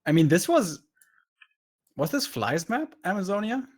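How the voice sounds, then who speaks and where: A man's voice: high voice, big pitch swings, a little slow. A man casting a live strategy game match, breaking down the play in detail and critiquing the decisions. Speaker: esports caster.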